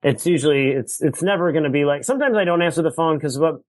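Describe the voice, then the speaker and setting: A man's voice: fairly high pitch, expressive, fast, no echo. A man guesting on a podcast, chatting in a self-deprecating way and often trailing off mid-thought. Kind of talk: casual comedic chat.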